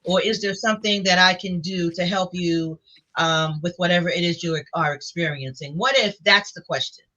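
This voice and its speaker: Bright-voiced host on muffled audio. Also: medium pitch, moderate pace. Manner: asks thoughtful questions, affirms often. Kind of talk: hosting a discussion. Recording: dull lo-fi audio.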